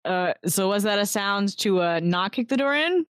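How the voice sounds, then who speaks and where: A woman playing in a tabletop game, blunt and stubborn with a deadpan delivery. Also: mid-range voice, normal speed. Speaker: player. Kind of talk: tabletop role-play.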